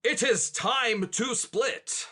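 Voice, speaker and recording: A man's voice: very high-pitched, drawn-out words, pushed and bright, husky, heavily acted. A man voicing a confused, bombastic medieval knight who speaks in thee and thy. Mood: blustering. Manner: archaic thee-and-thy speech, grandly declaiming.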